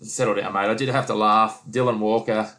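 A man's voice: fairly low pitch, steady tone, a little fast, sharp tone. A man hosting a casual sports chat, blunt and teasing, pushing his co-host for answers. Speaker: podcast host.

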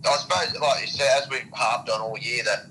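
Bright-voiced Australian co-host, faint hiss. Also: male voice, medium pitch, fairly quick, low-quality recording. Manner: easygoing, agreeable. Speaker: sports radio co-host. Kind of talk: casual sports chat.

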